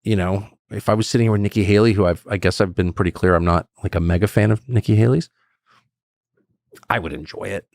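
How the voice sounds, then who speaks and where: A man talks casually as a podcast guest, rambling with restarts and quick chuckles. His voice sits low with a gravelly texture and swings widely in pitch. The sound is close and dry. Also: a little mellow, no echo. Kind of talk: casual conversation.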